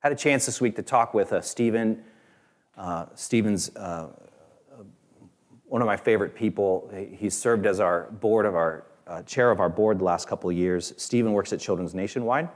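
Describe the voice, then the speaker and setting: A man preaching a sermon in a conversational, halting way with many fillers, lifting his voice when he quotes other people. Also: sits low. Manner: voice rises and grows louder when quoting others. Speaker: pastor.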